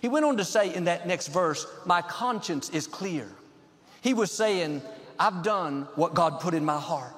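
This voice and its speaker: A high-voiced male pastor delivers a sermon in an upbeat, measured way, stacking phrases in rhythmic runs. His voice rings out in a big church auditorium with a long reverb tail. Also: lively intonation, fairly bright tone.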